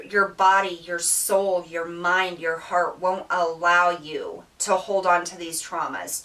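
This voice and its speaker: A woman's voice: lowish voice, fairly bright tone, recorded from a distance, rough recording. Earnest woman giving a tarot reading. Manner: earnest, repetitive, with many fillers and restarts. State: emotional, near tears. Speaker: tarot reader. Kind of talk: spiritual tarot reading monologue.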